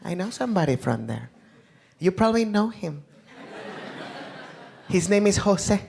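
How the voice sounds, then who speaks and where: A man's voice: high-pitched, very animated, unhurried, creaky, a little mellow, pitched above the performer's own voice, heavily acted. A man voicing an eager, overfamiliar woman stranger on a stand-up stage. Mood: chirpy. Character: eager chatty middle-aged woman stranger. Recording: live stand-up with background noise.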